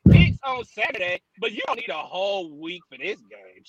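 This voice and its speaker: A man from Memphis co-hosting a casual sports podcast over a remote call, quick and emphatic, tossing in "bro" a lot. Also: sits high, big pitch swings, a crowd in the background, rough recording. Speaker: podcast co-host.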